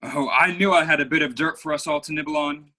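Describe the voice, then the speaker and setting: A man's voice: a little high, quick pace, bright, forceful tone. A young man playing a flamboyant, vain playwright in a school play over a video call, with florid, theatrical delivery. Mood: gossipy. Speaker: student actor.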